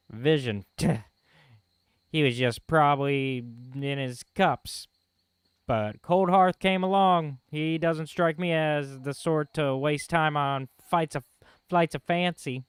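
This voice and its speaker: A man voicing a gruff, greedy mercenary dwarf with a Southern US accent and a blunt, folksy drawl. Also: a little high, no room sound.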